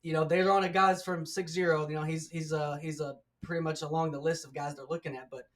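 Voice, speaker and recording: Excited sports show host, slightly high voice. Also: male voice, fast talker. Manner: enthusiastic, loose, many fillers. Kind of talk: casual sports interview.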